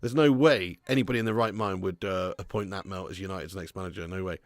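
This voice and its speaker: A man's voice: low voice, quick pace, no room sound. Laughing man reading live chat. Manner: swears freely, laughs often, reads chat aloud. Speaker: football watch-along streamer. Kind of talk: casual live-stream chat.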